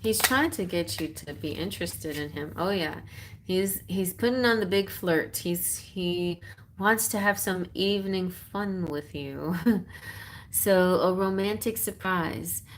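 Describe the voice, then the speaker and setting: A woman's voice: lowish voice, measured pace, slight background noise. A woman giving a chatty live-stream tarot reading, giggling and reading card messages aloud. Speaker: tarot reader.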